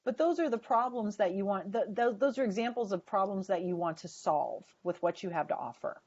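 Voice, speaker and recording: Woman, sales trainer, emphatic, mid pitch, dull lo-fi webinar sound. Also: animated, brisk, a little mellow. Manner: emphatic, coaching tone. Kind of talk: webinar coaching. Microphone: video call.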